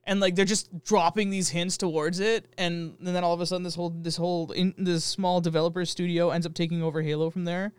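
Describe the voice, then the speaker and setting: A man with a high, smooth and clear voice chatting casually about video games. He rambles through fillers and restarts, cracks jokes and laughs often, like a podcast co-host. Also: flat delivery, fairly quick, few pauses, dry recording. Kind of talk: casual gaming chat.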